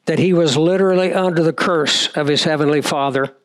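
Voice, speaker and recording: A man preaching a sermon, slowing down to stress his points. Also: a little high.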